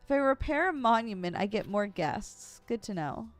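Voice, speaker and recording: A woman's voice: mid-range voice, lively intonation, normal speed, soft background music. A woman streamer giving playful, chatty commentary while playing a video game. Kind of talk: casual gameplay commentary.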